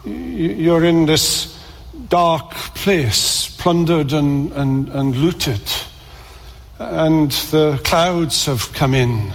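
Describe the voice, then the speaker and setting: A man's voice: a little high, extremely slow, creaky, big-room sound. A man preaching a sermon in a church, earnest and building emphasis through repeated phrases.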